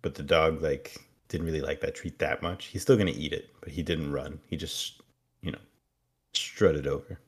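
A man co-hosting a podcast, recapping a TV episode in a relaxed, wry way. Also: very deep voice, normal speed, husky. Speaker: podcast co-host.

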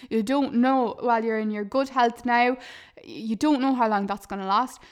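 A woman, chatting earnestly on her podcast, laughing often and calling her listeners "lads". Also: on the high side. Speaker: podcast host and YouTuber. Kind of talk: casual podcast chat.

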